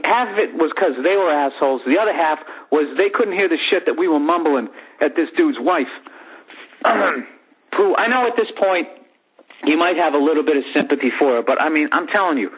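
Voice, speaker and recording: A man's voice: fairly high pitch, fairly quick. A man in his forties telling a profane, comedic story on his podcast and acting out the other people in it. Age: 40s. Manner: profane, animated, acts out voices in the story. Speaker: podcast host. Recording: tinny phone-like sound.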